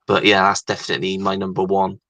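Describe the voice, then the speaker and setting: A man chatting on a livestream in a measured, thoughtful way. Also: low-pitched, monotone, bright, forceful tone, no echo. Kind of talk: casual chat.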